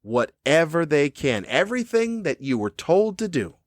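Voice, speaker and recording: A man's voice: on the high side, very animated, normal speed, dry recording, clean studio sound. A man hosting his own podcast, a cranky comedian ranting angrily and swearing often. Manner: angry, profane, cranky. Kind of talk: ranting monologue. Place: cruise ship room.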